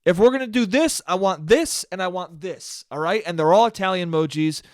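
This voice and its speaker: A young man hosting his own podcast, ranting in a profane, animated way. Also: high-pitched, fairly quick, no echo, clean studio sound. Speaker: podcast host. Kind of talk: solo comedic podcast rant.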